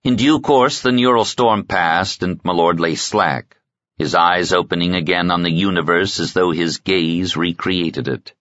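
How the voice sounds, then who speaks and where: A man reads a novel aloud in steady, even narration with a very deep voice. The recording is dry and close, with a slightly dull, lo-fi tone. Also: measured pace, no echo. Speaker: audiobook narrator. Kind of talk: scripted narration.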